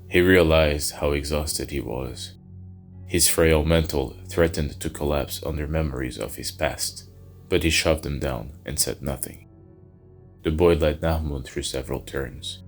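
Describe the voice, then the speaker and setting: A man narrating a dark fantasy story in a slow, somber, measured way. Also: very deep voice.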